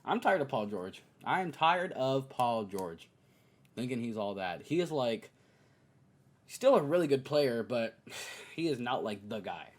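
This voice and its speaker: A young man hosting a podcast talks through his opinions in a loose, casual rant. His voice sits in a middle register. It jumps up high and loud whenever he mocks someone, then drops back to a low, muttered aside. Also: moderate pace. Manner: animated, mocks players in high exaggerated voices. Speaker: podcast host. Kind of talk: casual basketball opinion monologue.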